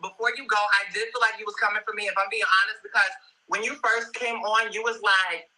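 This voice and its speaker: A woman's voice: mid-range voice, steady tone, fast talker, sharp tone, distant mic, rough recording. A woman on a livestream, talking back in an assertive, confrontational way. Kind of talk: livestream chat.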